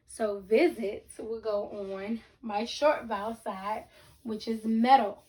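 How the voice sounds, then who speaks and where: A woman teaching a reading lesson to children, speaking slowly and deliberately, breaking words into syllables and checking in with the class. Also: fairly high pitch, a little mellow. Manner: repeats sentences and checks in with the class.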